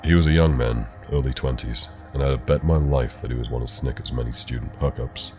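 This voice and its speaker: A man narrating a horror story in a calm, measured way. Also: very deep voice. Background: soft background music.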